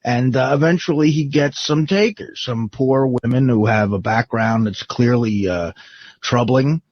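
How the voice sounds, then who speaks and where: A man's voice: mid-range voice, unhurried, dry recording. A man on a radio show delivering a profane, mocking comedic rant full of rambling lists, on a dull lo-fi radio recording.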